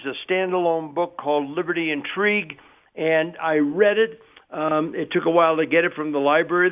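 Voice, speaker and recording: A man's voice: on the high side, clean tone. A middle-aged man hosting a radio show, talking in a chatty, folksy way and telling jokes. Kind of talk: casual radio talk. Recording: tinny phone-like radio audio.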